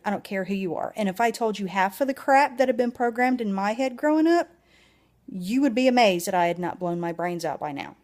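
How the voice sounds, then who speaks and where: A woman's voice: medium pitch, darkish tone. A woman with a Southern US accent giving a blunt, emphatic motivational talk to camera, swearing freely. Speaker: vlogger.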